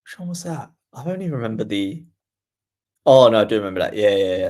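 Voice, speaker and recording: A fairly low-pitched man, calling points on a livestream. He talks casually to his viewers and quickens as rallies heat up. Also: darkish tone. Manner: chatty, reads viewer comments aloud, quickens during rallies. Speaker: livestream tennis commentator. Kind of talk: casual play-by-play watchalong commentary.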